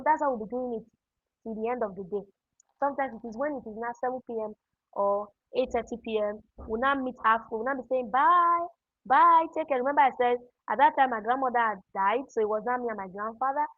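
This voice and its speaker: Woman webinar host, fairly high voice, chatty storyteller, dull dry online audio. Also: no echo. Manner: chatty, storytelling, reads out and answers chat comments by name. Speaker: webinar host and productivity coach. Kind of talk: live online teaching session.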